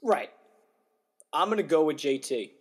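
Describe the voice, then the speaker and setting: A young man co-hosting a casual golf podcast, talking in an animated, joking way. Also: on the high side, measured pace, slightly rough. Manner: animated, jokey, mimics players' voices. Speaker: podcast co-host. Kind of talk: casual chat.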